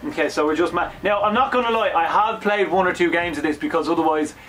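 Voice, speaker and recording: Fast-talking Irish man explaining a game. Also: on the high side, a bit bright. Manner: rapid, chatty explaining. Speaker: host. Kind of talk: casual gameplay chat.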